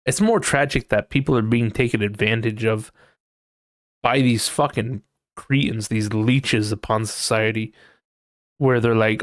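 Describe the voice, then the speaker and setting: A man's voice: on the low side, steady tone, unhurried, no room sound. Young male podcast host, rambling and profane, mocks people with impressions. Dry, close sound. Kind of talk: casual solo podcast rant.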